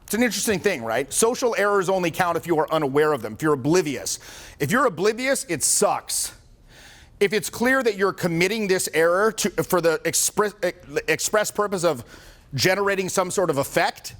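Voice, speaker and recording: A high, fairly bright voice carries this man's joking seminar talk as a social skills coach in his forties. He's relaxed with the group, swears freely, and dramatizes the quotes he shares.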